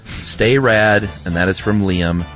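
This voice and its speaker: Laid-back low-voiced male co-host. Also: slow, fairly bright tone, soft background music. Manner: laid-back, laughs easily. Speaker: podcast co-host. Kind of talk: casual podcast chat.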